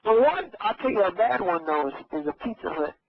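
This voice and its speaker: High-voiced rambling man on radio. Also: big pitch swings, fairly quick, creaky. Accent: Los Angeles. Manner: rambling, loses his train of thought. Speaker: regular caller. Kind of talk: rambling comic phone-in story. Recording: dull radio broadcast audio.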